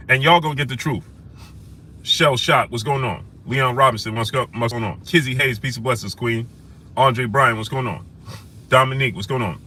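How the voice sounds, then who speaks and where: A man hosting a live stream, shouting out viewers by name and repeating phrases for emphasis as he rises to heated outrage. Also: mid-range voice, slight background noise.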